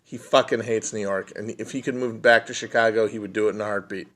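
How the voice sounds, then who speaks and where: Guy rambling on a phone livestream, swears a lot, bright punchy voice. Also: on the low side, fairly even intonation, quick pace. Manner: profane, blunt and joking. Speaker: podcast host answering viewer questions. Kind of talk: casual livestream chat. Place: indoors at home, streaming.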